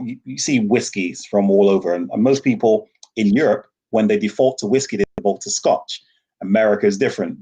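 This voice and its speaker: An enthusiastic man with a low, husky voice, speaking as a podcast guest over a video call. He tells his stories with lively energy and laughs often. His delivery stays warm-blooded and emphatic. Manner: enthusiastic, animated storyteller who laughs often. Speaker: guest, rum ambassador. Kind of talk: podcast interview.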